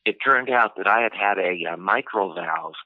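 A man telling a personal story in an interview, unhurried and full of "you know" fillers. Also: sits low, dry recording. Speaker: interview guest. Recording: tinny phone-line audio, dry.

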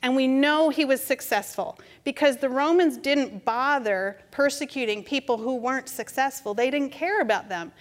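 A middle-aged woman with a somewhat high voice delivers a conversational sermon. She speaks gently and without hurry, telling stories that lead into her message. Her words ring out with a long reverb, as if spoken in a large church sanctuary. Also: moderate pace, few pauses. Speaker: preacher. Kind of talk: storytelling sermon. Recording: reverberant hall.

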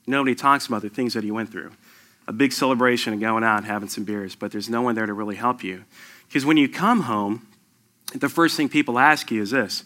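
A man's voice: mid-range voice, quick pace, pushed and bright. A middle-aged man, a military veteran, telling a personal war story to an audience in an emphatic, conversational way.

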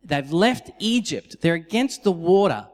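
A pastor preaching a sermon, telling the story in an animated way and acting out the quotes. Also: male voice, high-pitched, measured pace. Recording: long reverb of a large hall.

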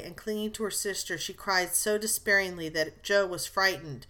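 A woman narrating a classic novel as an audiobook, in a measured storytelling manner. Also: on the low side, fairly even intonation, sharp tone.

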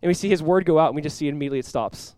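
Fast-talking high-voiced male pastor. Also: smooth, dry recording. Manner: energetic, acts out quoted voices with big jumps in pitch and volume. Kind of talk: sermon.

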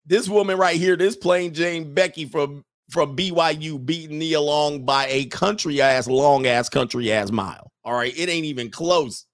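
A man's voice: fairly high pitch, normal speed, hardly any pauses. A man hosting a casual commentary show, talking bluntly with profanity and mocking jokes, laughing at his own remarks. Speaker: host.

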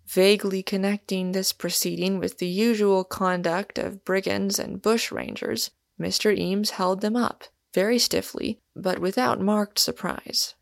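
A woman narrating a classic novel as an audiobook in a measured, deliberate way. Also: mid-range voice, gravelly, dry recording, studio quality.

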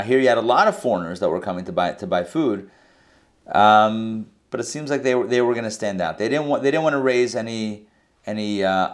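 A man leading an informal Bible class, explaining verses in a conversational, think-aloud way. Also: fairly low pitch. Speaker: Torah teacher.

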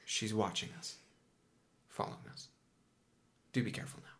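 A man voicing a stern, secretive woman magus who gives quiet, grave warnings in a tabletop game. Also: moderate pace, a little hiss or hum, natural voice. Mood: grave, hushed. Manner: hushed, grave warnings, sometimes whispered.

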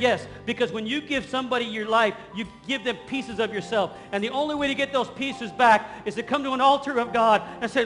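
A male pastor preaching a fervent sermon in a large church, rising at times to shouts. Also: very high voice, fast talker, hardly any pauses. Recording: long hall reverb, faint music.

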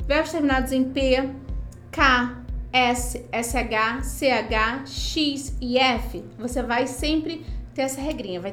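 Woman teacher, high bright pitch, roomy echo, music bed. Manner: brisk, checks in with "tá bom?" and "entendeu?". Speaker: English teacher. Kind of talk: explaining pronunciation.

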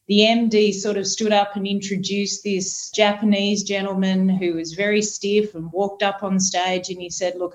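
A woman guest on a panel podcast, telling a relaxed story in a casual, conversational way. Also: mid-range voice, highs cut off. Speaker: panel guest, solution consultant.

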